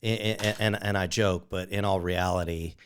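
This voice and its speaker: A man co-hosting a podcast, earnestly urging listeners in a casual, halting way with many fillers. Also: low voice, fairly even intonation, a little hiss or hum. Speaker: podcast co-host. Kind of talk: casual chat.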